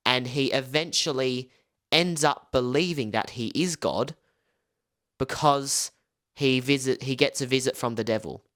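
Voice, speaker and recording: A man's voice: mid-range voice, a little slow, a bit bright. Young male film reviewer, casual and rambling, heavy on "like" and "um". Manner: loose, rambling, full of "like" and "um". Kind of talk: casual spoken film breakdown.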